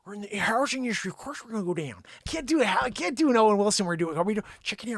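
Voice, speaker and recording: A man who works as a realtor, hosting a comedic news commentary in an excitable, rambling way and talking to an off-screen sidekick. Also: high voice, rapid-fire, few pauses, dry recording, studio quality.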